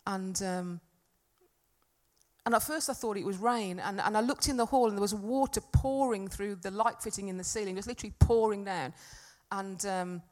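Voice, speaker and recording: A woman's voice: medium pitch, moderate pace, darkish tone. A middle-aged woman giving a talk at a church gathering, telling a personal story in a chatty, self-deprecating way. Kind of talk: sermon with personal anecdote.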